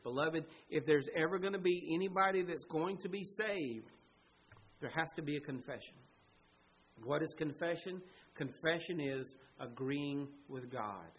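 A man's voice: fairly high pitch, normal speed, sharp tone, breathy edge, low-quality recording. A man preaching a sermon as pastor, earnest and emphatic, pleading with his listeners.

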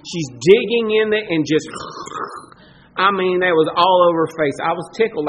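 A man preaching a sermon as pastor, emphatic and swelling louder on his key points. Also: fairly high pitch, slight background noise, rough recording.

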